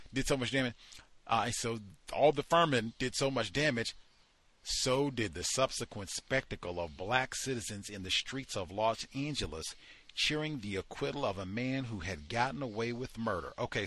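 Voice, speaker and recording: A man with a voice on the low side and a bit bright hosts a study session. He reads passages aloud from a book, breaks off into heated commentary, and uses frequent fillers while searching the text.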